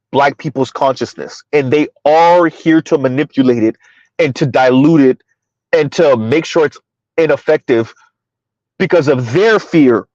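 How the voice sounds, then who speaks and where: A man's voice: a little mellow, no room sound. Man, casual livestream commentary, rhetorical questions, incredulous upswings, dry slightly dull lo-fi sound. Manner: rhetorical, keeps asking "Right?", swings pitch up when incredulous. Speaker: livestream commentator reading viewer chat.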